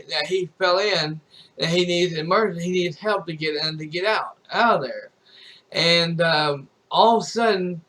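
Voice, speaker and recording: A man's voice: high voice, a bit bright. A man on a live stream retelling a movie's plot in a loose, rambling way, restarting phrases and leaning on "you know". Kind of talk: casual spoken movie recap.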